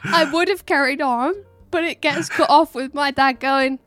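Young female co-host, giggly storyteller, slightly high voice, soft music underneath. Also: normal speed, no room sound. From England. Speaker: podcast co-host. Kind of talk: casual chat.

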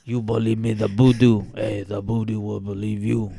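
A man's voice: on the low side, level tone, moderate pace, dark tone. A man voicing a swaggering Cajun man from the bayou, with a Cajun accent and theatrical, ominous warnings. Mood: spooky warning. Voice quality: gravelly, strained from the throat.

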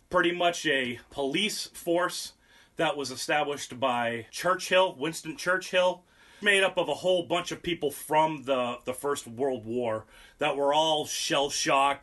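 Bright-voiced sarcastic young man. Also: medium pitch. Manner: profane, sarcastic, rambling. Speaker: podcast host. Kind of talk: casual podcast banter and history segment.

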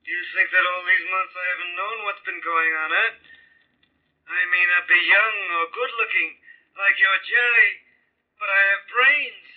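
A man acting out a feverish, delirious schemer who gloats in a high, strained voice and drags out each phrase slowly. It comes through a thin, tinny old radio recording. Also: steady tone. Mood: gloating, feverish. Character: delirious scheming husband muttering in the dark.

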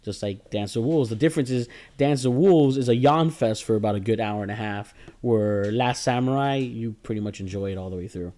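A man's voice: fairly low pitch, brisk, few pauses, dark tone. A man co-hosting a casual movie chat, rambling and joking, often repeating himself mid-sentence.

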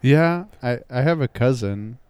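A man's voice: medium pitch, animated, a little slow, a little mellow, clear, resonant tone, dry recording. A man playing along in an improv comedy scene. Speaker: improv performer.

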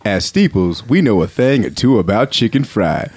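A man voicing a friendly male commercial announcer giving a smooth ad read in a comic parody. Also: fairly low pitch, sing-song, normal speed, darkish tone, a little hiss or hum, voice pushed down. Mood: selling.

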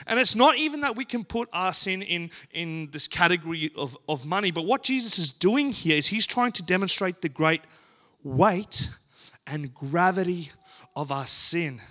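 A man preaching a sermon and reading scripture aloud, earnest and deliberate, with dramatic pauses and emphatic rises. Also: on the high side, pushed and bright.

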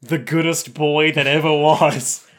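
A man's voice: a little high, fairly even intonation, fairly bright tone. A man co-hosting a podcast, casually recapping an anime episode and acting out the characters' lines. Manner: breezy recapping, quick asides, acts out characters' lines. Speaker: podcast co-host.

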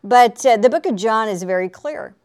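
A woman's voice: a little high, expressive, moderate pace, darkish tone, smooth. A woman preaching in a chatty, conversational way on a faith talk show, laughing often and asking for an Amen.

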